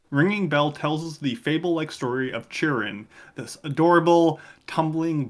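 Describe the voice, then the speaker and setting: A man's voice: mid-range voice, a bit bright. A man hosting a film segment on a podcast, retelling the plot in a joking, casual way.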